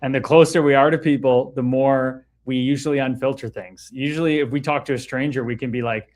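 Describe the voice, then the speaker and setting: A man's voice: medium pitch, steady tone, a little fast. A man hosting a casual livestream, talking candidly and reading viewer comments aloud. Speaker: livestream host reading chat.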